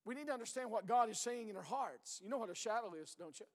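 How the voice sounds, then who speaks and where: A middle-aged man preaching a sermon as pastor, earnest and hoarse, often sinking to a low, intense voice and repeating his words. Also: animated, quick pace, big-room sound.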